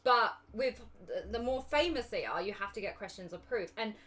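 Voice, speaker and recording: A woman's voice: mid-range voice, animated, moderate pace, a bit bright. Giggly, chatty English woman. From England. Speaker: livestreamer and cosplay judge. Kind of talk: casual livestream chat.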